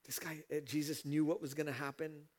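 A pastor delivers an animated sermon, building to emphatic peaks and acting out scripture with voiced asides. His voice sits on the high side, and he speaks briskly.

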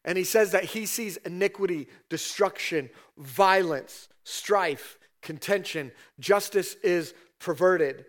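A middle-aged man, a pastor, preaching a sermon in a conversational storytelling way, often tagging "right?" onto his sentences. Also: sits high.

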